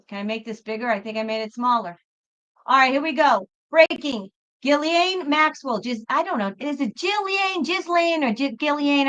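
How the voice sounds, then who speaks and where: A woman hosts a tarot reading livestream, casually reassuring the viewers she calls folks. Her slightly high voice is bright and forceful, and the sound is lo-fi.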